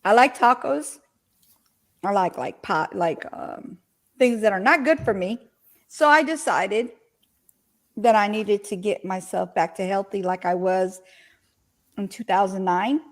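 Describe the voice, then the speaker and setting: A woman's voice: medium pitch, measured pace, pauses often. A woman chatting casually on a live video call panel, rambling and correcting herself as she talks. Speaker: panelist on a live online talk show. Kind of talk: casual live-stream chat.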